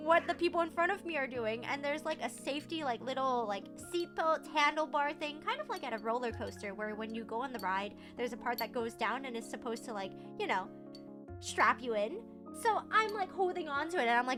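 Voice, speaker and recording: A woman streamer telling a story in casual chat, acting out her own panic with stammers and quick bursts. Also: high voice, animated, over music.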